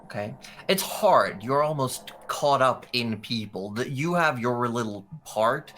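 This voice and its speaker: A man's voice: medium pitch, animated, measured pace, fairly bright tone, slight background noise. A man narrating as game master of a tabletop game in loose, conversational description.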